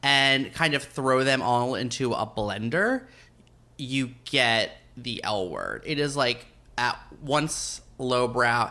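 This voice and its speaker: A man's voice: medium pitch, bright, forceful tone. A man co-hosting a podcast, talking casually and enthusiastically in rambling lists. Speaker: podcast co-host. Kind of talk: casual chat.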